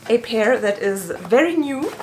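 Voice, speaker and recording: A woman's voice: on the high side, lively intonation, a little slow, noisy background. A woman in her thirties, a German native speaker, chatting through a shopping recap and a little out of breath. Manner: chatty and personal. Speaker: fashion vlogger.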